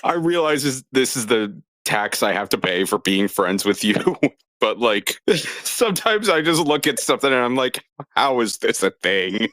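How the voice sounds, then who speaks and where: A man's voice: mid-range voice, big pitch swings, normal speed, a bit bright, dry recording. A man co-hosting a podcast in casual chat, wry and laughing often. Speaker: podcast co-host.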